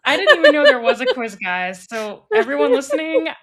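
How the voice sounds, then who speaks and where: A woman's voice: high-pitched, wildly swooping pitch, brisk, crowd noise. A woman appearing as a guest on a casual podcast, rambling and constantly filling her sentences with "like".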